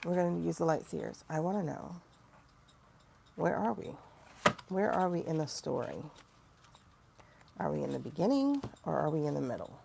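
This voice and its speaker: A woman hosting a casual livestream tarot reading, chatty and animated, with sudden mocking asides to her viewers. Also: low-pitched, normal speed, creaky, pauses often, background noise. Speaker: tarot reader and livestream host.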